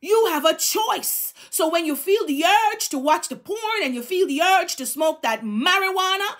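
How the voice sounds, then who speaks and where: A middle-aged woman delivers a sermon with fervent, exhorting energy. Her voice sits high, and she drives her points home by repeating phrases again and again. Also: expressive, normal speed, a bit bright. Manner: fervent, exhorting, emphatic repetition. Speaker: preacher.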